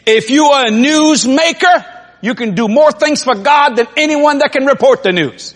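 A man's voice: very high-pitched, moderate pace. A man preaching a sermon, telling stories with acted-out quotes and frequent laughter. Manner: animated storytelling, acts out quotes, laughs often. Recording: long reverb in a large hall.

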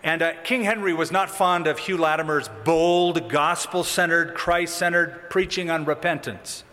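Preacher man in an echoing hall. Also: on the high side. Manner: animated, dramatic with sudden drops. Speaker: pastor. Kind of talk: sermon. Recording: long reverb of a hall.

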